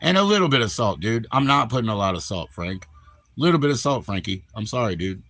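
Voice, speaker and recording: A man's voice: on the low side, sing-song, fairly quick, fairly bright tone, dry recording. A man chatting casually on a live stream, rambling in a laid-back way with lots of slang.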